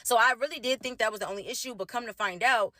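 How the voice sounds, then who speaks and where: A young woman rattling off a personal drama at high speed, blunt and full of swearing. Her voice sits dry and close with no room sound around it. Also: bright, forceful tone, dry recording. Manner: blunt and profane, rapid run-on retelling. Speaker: storytime vlogger. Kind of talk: casual storytime rant.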